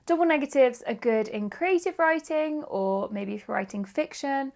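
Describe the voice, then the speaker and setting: A woman's voice: high-pitched, animated, normal speed, darkish tone. A woman teaching an online writing lesson, upbeat and emphatic. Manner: upbeat, emphatic teacher reading examples aloud. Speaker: writing instructor.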